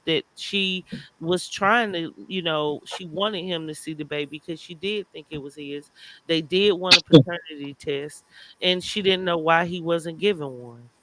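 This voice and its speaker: A man hosting a casual livestream gossip chat, animated, reading chat comments aloud and exclaiming. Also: sits high, no echo, poor audio. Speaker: livestream host.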